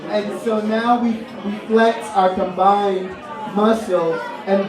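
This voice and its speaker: High-voiced man hyping a bar crowd. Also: fairly even intonation, slow. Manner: playful, silly wordplay, hyping the crowd. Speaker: poetry show co-host. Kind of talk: live hosting and playful rhyming. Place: live bar venue. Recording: echoey room from a distant mic with loud crowd.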